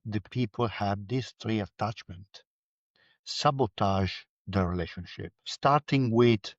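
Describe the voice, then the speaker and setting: A man hosting an interview, asking halting, hesitant questions. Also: fairly low pitch, no room sound, dull audio. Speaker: podcast host.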